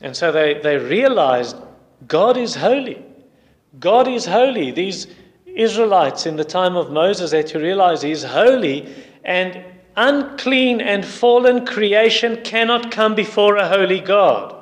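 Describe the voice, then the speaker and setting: A man's voice: sits high, lively intonation, unhurried. A male preacher delivering a sermon and retelling a story in an emphatic way. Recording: long hall reverb.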